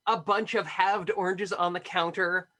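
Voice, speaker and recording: A woman from Florida chatting on a video call panel, telling stories with animated, wry humor. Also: lowish voice, moderate pace. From Florida, USA. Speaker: guest game developer. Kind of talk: casual panel chat.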